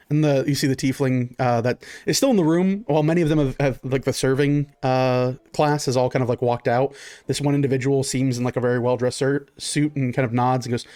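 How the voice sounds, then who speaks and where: A man's voice: medium pitch, steady tone, moderate pace, a little mellow, dry recording. A man narrating as game master in a tabletop role-playing game, rambling with many fillers.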